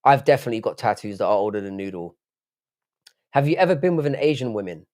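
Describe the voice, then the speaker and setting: A man's voice: on the low side, expressive, fast talker, darkish tone. Blunt, swearing man hosting a livestream. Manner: blunt, swears a lot, reads chat aloud. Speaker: livestream host. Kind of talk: casual live-stream chat.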